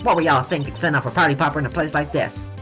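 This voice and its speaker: A woman voicing a brash, loud Southern woman photographer with a put-on drawl, blustering and quick to scold. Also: deep voice, soft background music. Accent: put-on American Southern.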